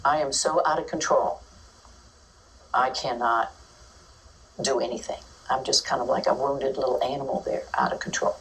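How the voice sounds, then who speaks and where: A woman giving an informal talk on caring for toddlers, lively and acting out the voices of children and teachers. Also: extremely low pitch, moderate pace, long pauses, far from the mic, poor audio.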